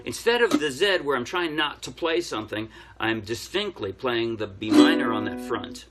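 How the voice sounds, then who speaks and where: Male ukulele teacher, mid-pitched and easygoing, explaining chords and strums over his own loud playing. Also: normal speed, loud music behind the voice. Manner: relaxed, explaining step by step while playing. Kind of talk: casual music tutorial explanation.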